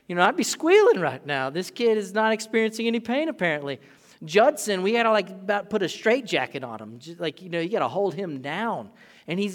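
A man in his thirties preaches with a slightly high voice, loose and conversational, acting out small scenes. His words ring out with a long reverb in a church sanctuary. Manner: animated, conversational preaching with acted-out asides. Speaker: pastor. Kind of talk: sermon.

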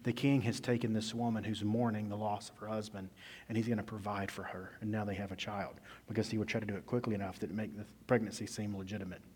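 A male pastor preaching a sermon in a conversational storytelling manner, swinging between loud emphasis and quiet asides, recorded in an echoey church hall. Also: lowish voice, level tone, fast talker, husky.

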